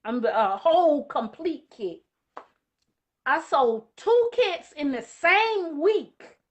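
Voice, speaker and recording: A woman telling a lively personal story in casual conversation, getting emotional as she goes. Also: sits high, slow. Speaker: guest.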